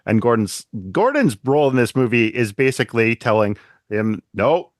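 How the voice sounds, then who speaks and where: A man's voice: mid-range voice, normal speed, no echo, clean studio sound. A man co-hosting a podcast, talking casually about a film and acting out quoted lines in playful voices. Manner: animated, acts out quotes in funny voices. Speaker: podcast co-host. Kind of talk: casual movie discussion.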